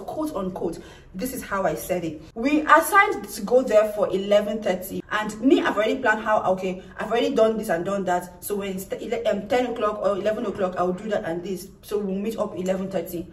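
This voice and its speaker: A young woman telling a personal story in an animated vlog, acting out what people said. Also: medium pitch, recorded from a distance. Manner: animated, acts out quoted lines. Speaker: vlogger. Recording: echoey room, off-mic.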